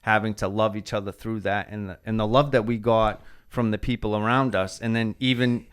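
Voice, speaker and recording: A man's voice: lowish voice, steady tone, brisk, clear, resonant tone. A man, a dancer, telling a story in casual podcast talk, rambling with lots of "like" and swearing.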